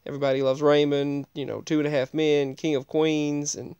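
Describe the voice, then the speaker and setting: Give me a rambling man telling a casual story, his voice smooth and a bit high, with plenty of restarts. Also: level tone, brisk, a little mellow, dry recording, highs cut off. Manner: rambling, digressive, frequent restarts.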